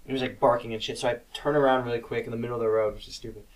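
The clip has a young man co-hosting a podcast, talking very fast in a mid-range voice with fairly even intonation. He drifts from story to story in casual chat, swearing freely and acting out quotes. A distant mic leaves the audio poor.

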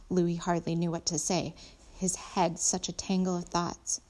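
Woman, children's novel read aloud, steady, a few slips, lowish voice. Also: a little slow. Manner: steady, with small slips and corrections. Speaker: audiobook reader.

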